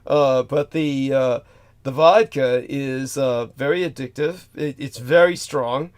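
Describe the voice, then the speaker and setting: A man's voice: mid-range voice, slow, clear, resonant tone. A man hosting a casual talk show, telling long rambling stories with many restarts. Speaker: podcast host. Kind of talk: casual chat.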